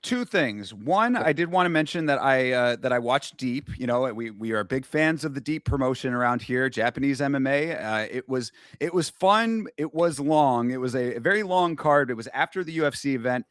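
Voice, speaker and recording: On a laid-back sports talk podcast, a male co-host guides the chat and closes out topics, animated but easygoing. He keeps a moderate pace with hardly any pauses, his mid-range voice a bit bright, recorded in studio quality with no echo.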